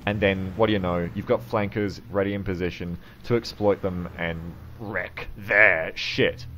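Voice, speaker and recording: A man giving live gameplay commentary, excitable, swearing often and shouting at the game. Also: low voice, measured pace, muffled recording, soft background music. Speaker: game streamer.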